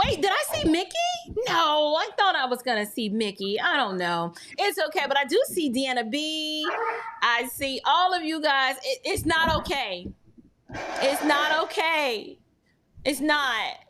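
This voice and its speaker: A woman's voice: high-pitched, unhurried, noisy background. A middle-aged woman hosting a livestream, chatting in a flustered way straight to her viewers. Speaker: livestream host. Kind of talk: casual livestream chat.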